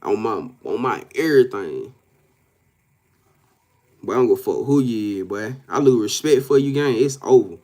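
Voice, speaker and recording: A man's voice: lowish voice, lively intonation, normal speed, long pauses, mellow. A man giving a casual live-stream tarot reading, talking straight to his viewers in a profane, emphatic way, repeating himself and often laughing. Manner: profane, emphatic, keeps addressing viewers directly. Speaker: tarot card reader.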